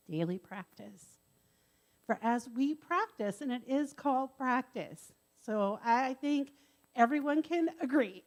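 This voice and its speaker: A woman speaks to a church congregation with bright enthusiasm, her voice sitting a little high. She calls out to the room and stresses her points. It is a live talk in a sanctuary. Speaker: service speaker. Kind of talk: sermon-style talk to congregation.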